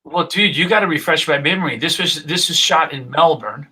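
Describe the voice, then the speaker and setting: A man's voice: a little high, brisk, bright, forceful tone, slightly rough. A man talking as a guest musician in a casual live-stream chat, laid-back and friendly with slang like dude and man.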